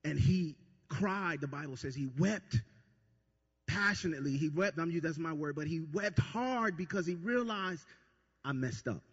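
A man's voice: high-pitched, a bit bright, slightly rough. A man preaching a sermon as pastor, with emphatic repetition and stammered restarts. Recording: long reverb, dull lo-fi sound.

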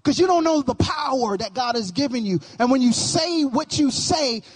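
A man's voice: extremely high pitch, expressive, moderate pace, breathy edge. A male pastor preaching a sermon with emphatic, sing-song cadence and frequent repetition.

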